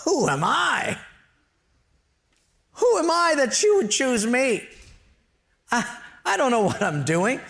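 A man's voice: very high voice, very animated, slow pace, vocal fry, long pauses, a bit bright, voice pushed up, heavily acted. A man voicing a frightened, stuttering older man who doubts he is worthy. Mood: anxious.

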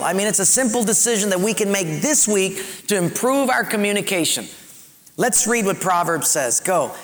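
A male pastor delivers a sermon, his voice sitting somewhat high for a man. He talks earnestly and poses rhetorical questions to the congregation. His words ring out with a long reverb, as if in a large church sanctuary. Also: animated, unhurried, a bit bright.

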